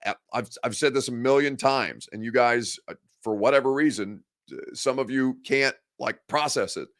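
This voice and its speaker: A man's voice: mid-range voice, normal speed, a bit bright. A man hosting a sports talk show, speaking bluntly and opinionatedly straight to his viewers. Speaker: sports podcast host. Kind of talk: live-streamed sports talk commentary.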